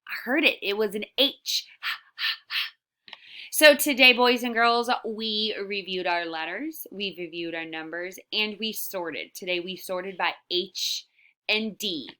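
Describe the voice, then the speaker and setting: Woman teacher for small kids, a bit low-pitched, bright and forceful, drawn-out letter sounds and steady praise. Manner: slow, stretched-out letter sounds, encouraging. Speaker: early-years teacher. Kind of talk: recorded phonics lesson for young children.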